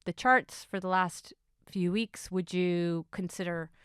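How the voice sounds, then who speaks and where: Low, smooth-voiced woman podcast host. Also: takes it slowly, no echo, clean studio sound. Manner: excitable, swings between hushed asides and bursts of enthusiasm. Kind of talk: casual solo podcast storytelling.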